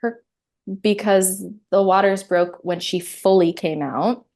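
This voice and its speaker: In a mid-range voice and at an unhurried pace, this thirtysomething woman tells her own story as an interview guest. Frank and animated, she laughs a lot and dramatizes what was going through her head.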